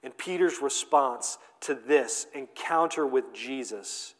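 A man preaching a sermon as a pastor, animated and conversational, with playful asides. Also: mid-range voice, slow pace. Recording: long hall reverb.

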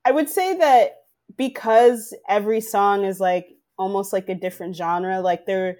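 A woman's voice: mid-range voice, moderate pace, darkish tone. A woman in casual chat, speaking in loose, rambling phrases with constant fillers.

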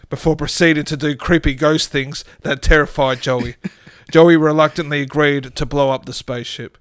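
A man's voice: on the high side, steady tone, moderate pace, few pauses, clear, resonant tone, no echo, studio quality. Laughing man reading a comic story. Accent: Australian. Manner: reads with frequent laughter breaking through. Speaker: storytelling podcast host.

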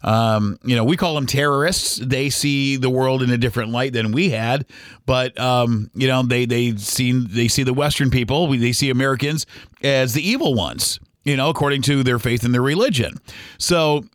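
A middle-aged man, a podcast host and former radio DJ, telling a story in a halting, rambling way with many restarts. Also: medium pitch, dry recording, studio quality. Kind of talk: casual storytelling monologue.

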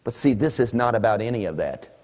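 Male preacher, sermon, animated, shouts for emphasis, swooping high voice, long church-hall echo. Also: a little fast. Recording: echoey hall with long reverb.

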